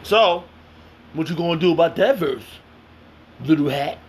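A man's voice: on the high side, normal speed, a little mellow, a little hiss or hum. A man reading scripture aloud and commenting on it in a heated, confrontational, slangy way. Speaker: self-styled preacher.

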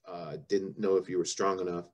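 A man with a very low, deep voice hosting a faith TV interview. He sums up his guest's story in a steady, supportive manner. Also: brisk. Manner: listening with brief affirmations, then summarizing. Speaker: TV show host and interviewer.

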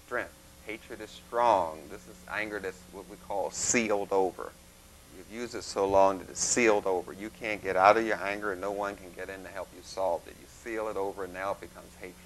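A man giving a plain, instructive lecture, with folksy images and a halting delivery. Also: low voice, steady tone, low-quality recording. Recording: faint mains hum.

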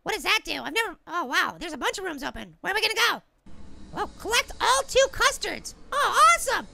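This is a tiny cartoon apple with a very high, squeaky voice. The voice has a gravelly edge, and the tone is bright and sharp. It narrates a game with excitable yelling and silly name-calling. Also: a little fast, full character voice. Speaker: gaming video host. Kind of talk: cartoon character game commentary.

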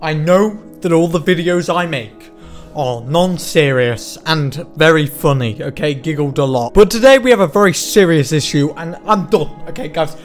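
A man's voice: on the high side, moderate pace, faint music behind. A man doing a comedic reaction vlog, acting mock-outraged, tacking "okay?" onto his lines and laughing at his own jokes. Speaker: YouTuber.

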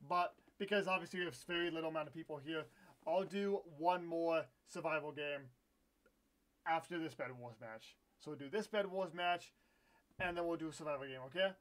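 A man's voice: a little high, fairly quick, fairly bright tone. A young man streaming a live game with viewers, chatting, swearing and bursting into frustrated outbursts. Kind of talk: live gameplay stream commentary.

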